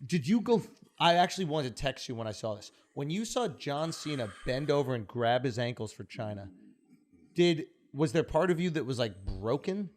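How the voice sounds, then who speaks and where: A man's voice: medium pitch, lively intonation, moderate pace. A man hosting a podcast, asking probing questions in casual studio chat. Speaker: podcast host.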